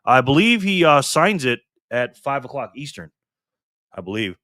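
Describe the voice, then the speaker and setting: An upbeat man hosts a casual live stream, reading comments and greeting viewers by name. His medium-pitched voice is sharp, swings widely in pitch, and moves at normal speed, captured as clean studio sound with no echo.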